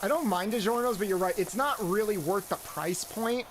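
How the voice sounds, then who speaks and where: A woman's voice: medium pitch, noisy background. A woman hosting a live game stream, chatting casually with a co-host and greeting viewers. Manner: chatty, rambling, quick asides to chat.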